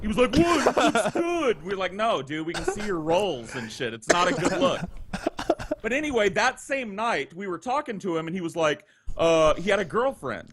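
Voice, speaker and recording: A man's voice: high voice, big pitch swings, normal speed, a crowd in the background. A man telling a long, profane anecdote in casual chat, rambling with restarts and quoting others. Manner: rambling, profane, full of restarts and acted quotes. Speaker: podcast storyteller. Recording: noisy home recording.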